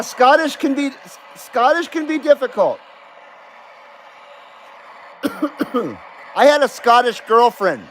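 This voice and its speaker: A man's voice: very high-pitched, a bit bright, a little hiss or hum. A middle-aged man hosting a live CB radio stream, chatting casually and joking easily with radio contacts.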